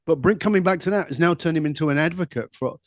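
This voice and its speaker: A middle-aged man, a guest on an interview show, telling stories in an animated, conversational way, laughing easily and throwing in quick asides. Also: fairly high pitch, dry recording, studio quality. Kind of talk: conversational storytelling.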